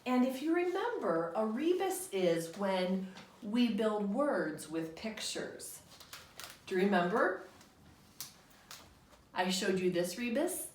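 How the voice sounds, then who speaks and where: A woman leads a remote lesson for young children, speaking slowly in a patient, sing-song teacher voice. The recording is roomy. She sounds a little distant from the microphone. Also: mid-range voice, slight background noise. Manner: slow, patient, sing-song teacher talk with call-and-response. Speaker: kindergarten teacher. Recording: roomy home recording, voice somewhat off-mic.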